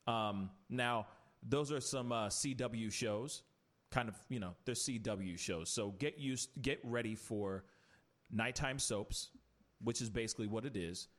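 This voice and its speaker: A man's voice: lowish voice, a little slow. A man hosting a podcast, chatting casually and ranting animatedly about TV shows. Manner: animated, ranting with mocking quoted voices. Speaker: podcast host. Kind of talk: casual chat.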